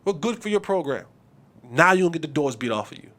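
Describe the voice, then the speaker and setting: A man's voice: on the high side, big pitch swings, quick pace, fairly bright tone. A man hosting a sports podcast, talking emphatically with repetition and slang. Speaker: podcast host.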